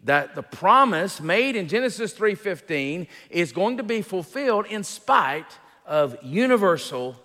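A man preaching an expository sermon as a pastor, teaching in an unhurried way with fillers and restarts and rising emphasis on key points. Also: sits high, very animated, sharp tone, big-room sound.

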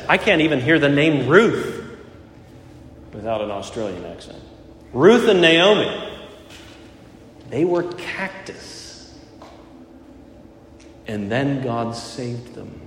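A male pastor preaching a morning sermon with earnest emphasis, repeating his key phrases. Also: on the high side. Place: church sanctuary. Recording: echoey church hall.

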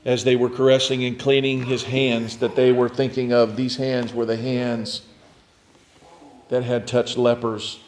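Man preaching in a flat, even voice. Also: mid-range voice. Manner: reflective storytelling, drops to a near hush at key points. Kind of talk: sermon.

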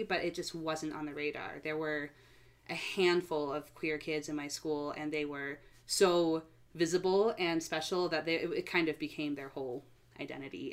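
Low-voiced woman in casual chat. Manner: relaxed, chatty, many fillers. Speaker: guest sharing a coming-out story. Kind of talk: casual podcast conversation.

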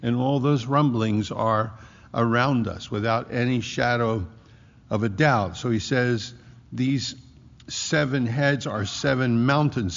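A man preaching a sermon, emphatic, slowing down to stress key words. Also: medium pitch, vocal fry. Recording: muffled hall recording with long echo.

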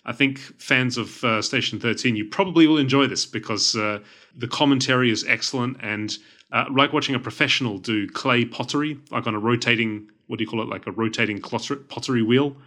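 A man's voice: mid-range voice, fairly quick, pushed and bright. A man with an Australian accent, co-hosting a podcast in casual, meandering chat with a self-deprecating streak. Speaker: podcast co-host.

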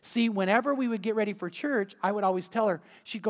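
Male pastor, high voice, animated storyteller, church hall reverb. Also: quick pace. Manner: storytelling, lively and emphatic. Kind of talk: sermon. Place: church sanctuary.

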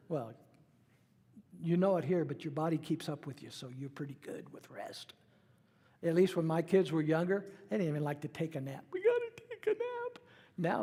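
A man's voice: on the high side, creaky, warm tone, big-room sound. A middle-aged man preaching a sermon in a conversational way, acting out the voices he quotes. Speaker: pastor.

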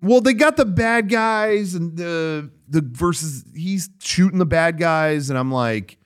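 A man's voice: measured pace, clear, resonant tone. A man co-hosting a comedy podcast, joking around in casual banter and acting out quotes. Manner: jokey, acts out quotes in high excited voices. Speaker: podcast co-host.

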